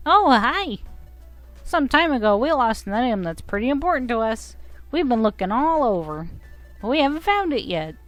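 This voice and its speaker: A woman's voice: big pitch swings, normal speed. A woman doing a small, sweet, eager game creature. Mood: cheerful. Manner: high, eager and earnest. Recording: faint game music behind.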